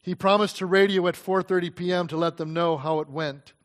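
A man preaching, telling a story in an earnest, dramatic way with slow pauses. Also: high voice, fairly even intonation. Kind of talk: sermon storytelling.

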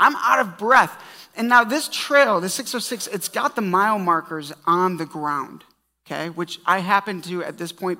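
Pastor, male, conversational storyteller from the pulpit, crisp bright tone, church hall reverb. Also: sits high. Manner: conversational storytelling preaching with humor. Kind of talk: sermon.

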